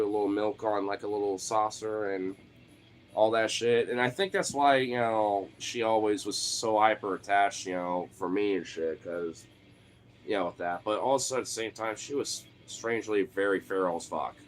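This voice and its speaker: A man's voice: on the low side, steady tone, normal speed, a little hiss or hum. A young man telling a personal story in a casual, rambling way, swearing freely and swinging from laid-back to exasperated.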